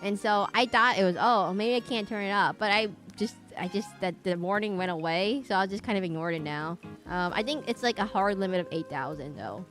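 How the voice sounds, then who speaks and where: A woman talking through a live game stream in a mid-pitched voice, rambling and playful, with little hummed tunes between thoughts. Faint game music runs softly behind her. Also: fairly quick, few pauses. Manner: chatty and rambling, with playful sing-song humming.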